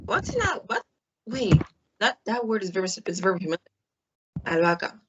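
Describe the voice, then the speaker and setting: A woman's voice: mid-range voice, very animated, fairly quick, muffled recording, background noise. A woman co-hosting a podcast in casual chat, dry and teasing. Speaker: podcast co-host.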